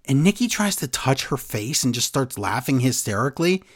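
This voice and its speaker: A man's voice: medium pitch, sing-song, a little fast, dry recording, studio quality. A man in casual chat, animatedly retelling events and quoting people in funny voices. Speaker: podcast co-host recapping wrestling.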